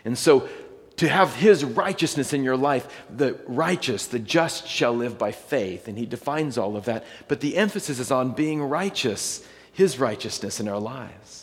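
Male pastor, mid-pitch, relaxed sermon delivery, long church reverb. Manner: conversational, reads scripture slowly and deliberately.

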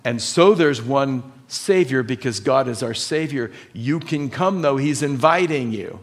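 A man's voice: mid-range voice, lively intonation, a little slow. A man preaching a sermon as pastor, emphatic, repeating his key points and asking his listeners questions.

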